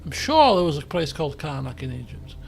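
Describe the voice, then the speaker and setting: Man, let's play commentary, high voice, gravelly edge, self-mocking. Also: very animated, a little fast, very noisy. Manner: chatty, thinks aloud, jokey and self-mocking. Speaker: game streamer.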